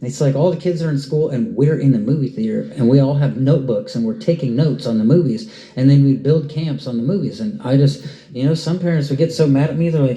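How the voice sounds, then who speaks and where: A man preaching in a roomy, echoing space, his voice deep and very mellow in tone. He tells his stories with animation, jumping up in pitch as his enthusiasm builds. The sound carries the reverberation of a large hall. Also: brisk. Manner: animated storyteller, pitch jumps up when excited. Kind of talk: sermon. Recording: roomy echo.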